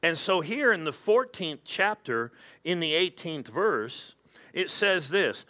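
A man preaching a sermon in church, animated and acting out quoted voices. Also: a little high, takes it slowly. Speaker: pastor.

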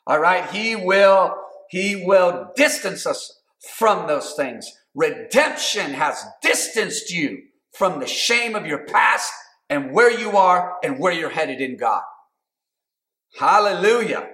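High-voiced preaching man in an echoey room. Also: lively intonation, slow pace. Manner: preaching, rising to shouts, calling on the congregation. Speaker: pastor. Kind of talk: sermon. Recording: roomy echo.

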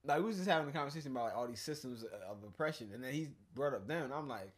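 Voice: medium pitch, animated, racing. A podcast co-host in casual chat, loose and storytelling, laughing often.

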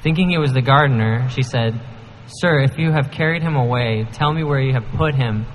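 Guy reading bible passage, calm and steady, echoey church hall. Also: mid-range voice, moderate pace, a little hiss or hum. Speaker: scripture reader. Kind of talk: scripture reading. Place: church sanctuary.

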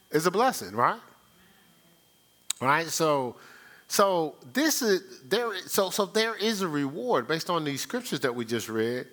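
A man's voice: fairly high pitch, bright, forceful tone. A male pastor preaching a sermon, playful and teasing with his congregation.

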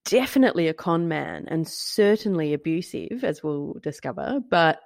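A woman co-hosting a podcast, chatting about a true-crime story in an animated, joking way, often laughing and sometimes swearing. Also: low voice, normal speed, gravelly, no echo, studio quality. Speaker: podcast co-host. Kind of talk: casual true-crime chat.

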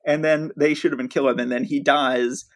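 A man's voice: mid-range voice, fairly even intonation, brisk. A man co-hosting a podcast, recapping a comic's plot in an enthusiastic, storytelling way. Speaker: podcast co-host.

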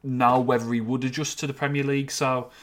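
A man co-hosting a casual football podcast, often halting and restarting as he thinks aloud. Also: medium pitch, flat delivery, fairly bright tone. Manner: halting, many restarts and fillers, earnest. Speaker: podcast co-host.

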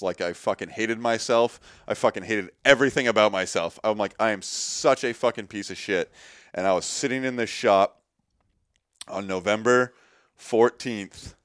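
A man's voice: low voice, smooth, dry recording, studio quality. A man in his thirties, a guest in a workshop, telling his story candidly and animatedly, swearing often and acting out quotes. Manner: swears a lot, animated retelling with quoted voices.

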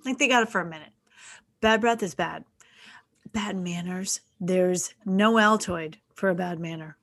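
A woman on a talk panel, chatty and animated, rambling through her answers. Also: lowish voice, a little slow. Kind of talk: casual panel chat.

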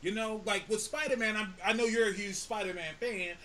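A man co-hosting a podcast in casual chat, animated, swearing and laughing often. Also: high voice, fairly quick, slight background noise. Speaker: podcast co-host.

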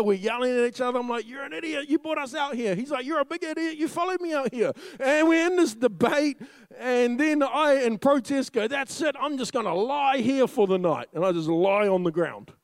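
A young man preaching a sermon as a funny story, lively and laughing often as he tells it. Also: high voice, dry recording.

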